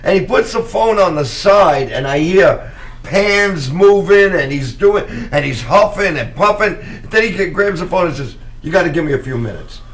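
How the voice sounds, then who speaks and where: A man hosting a live talk show, telling stories loudly and cursing freely. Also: high-pitched, animated, measured pace. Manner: loud storyteller, curses freely. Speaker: show host.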